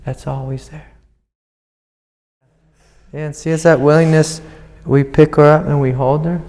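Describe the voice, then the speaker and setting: A man speaking as a spiritual teacher, guiding a student in a gentle, soothing way and calling her sweetie. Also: on the high side, fairly even intonation, unhurried, pauses often. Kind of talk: satsang guidance to a student. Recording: long hall reverb.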